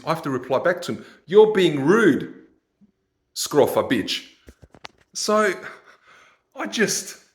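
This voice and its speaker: A man talks through a casual podcast rant, exasperated and mocking as he tells his stories. His voice sits at an ordinary middle pitch for a man. The room around him rings with a noticeable echo. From Australia. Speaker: podcast host. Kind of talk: casual ranting monologue.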